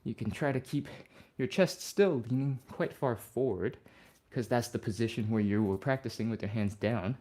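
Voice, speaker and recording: A man coaching a live flexibility session, breezy and encouraging as he explains each move. Audible sighs and breaths slip in between his steady, everyday instructions. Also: medium pitch, moderate pace, hardly any pauses. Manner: relaxed, upbeat, talks through each move. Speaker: fitness instructor.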